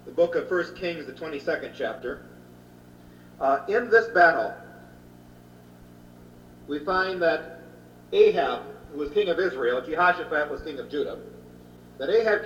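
A man's voice: a little high, a bit bright. Man lecturing on scripture in a roomy hall. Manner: plain storytelling, retelling scripture in everyday speech with frequent uh. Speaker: Bible teacher. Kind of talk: Bible lecture. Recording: roomy, distant, dull old hall recording with faint hum.

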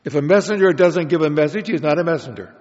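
A man giving a prepared Bible lecture in a measured, explanatory way, with occasional restarts. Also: a little high, darkish tone. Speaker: Bible study speaker. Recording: dull lo-fi recording in a reverberant hall.

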